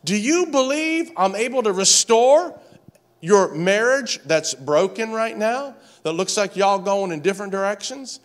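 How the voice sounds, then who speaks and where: A man preaching a sermon, passionate and repetitive, building to shouts. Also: sits high. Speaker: pastor.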